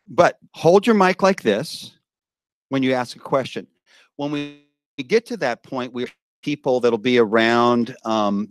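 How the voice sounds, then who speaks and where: A man at mid pitch emcees a conference crowd, lively and coaxing as he lays down the ground rules. He talks into a handheld microphone with a dry, close sound. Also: no room sound. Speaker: event emcee. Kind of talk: briefing a live audience. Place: conference room with a live audience.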